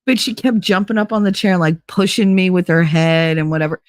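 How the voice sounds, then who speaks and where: A woman's voice: on the low side, brisk, clean tone, dry recording, clean studio sound. A woman hosting a casual livestream, chatting loosely, greeting viewers by name and swearing freely. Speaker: livestream host.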